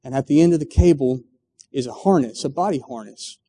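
This middle-aged pastor, husky and warm in a mid-range voice, talks a little fast as he preaches. His sermon story is full of acted quotes and stumbling restarts, echoing with a long hall reverb.

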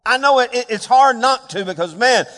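Man, pastor, sermon, high voice, hushed then emphatic delivery, long hall reverb. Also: lively intonation, normal speed. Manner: dynamic preaching, dropping to hushed tones and rising for emphasis.

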